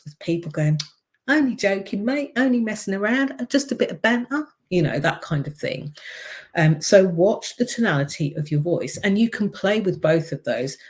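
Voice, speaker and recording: A woman with a low, deep voice and a slight frog in her throat, chatting on a live stream as a speaking coach and explaining things step by step. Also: darkish tone. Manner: chatty and explanatory, demonstrates voice tones. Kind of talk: casual live-stream talk to camera.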